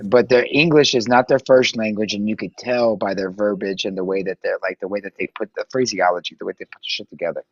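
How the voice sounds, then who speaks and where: A man on a livestream panel, talking in loud, profane, laughing banter. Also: on the low side, fairly even intonation, fast, hardly any pauses, no room sound, dull audio. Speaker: panel guest. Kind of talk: casual profane chat. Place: livestream call.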